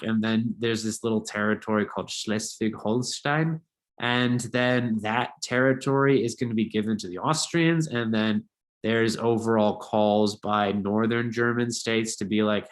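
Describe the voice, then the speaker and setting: A man's voice: lowish voice, unhurried. A man teaching a history lesson in a casual, conversational style with jokey asides. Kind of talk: casual lecture video.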